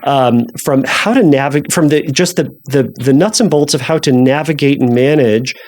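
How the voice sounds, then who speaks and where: A man's voice: medium pitch, moderate pace, a little mellow. Casual, rambling podcast host man. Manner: loose and conversational, with many fillers and restarts; self-deprecating humor. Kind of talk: casual solo podcast talk.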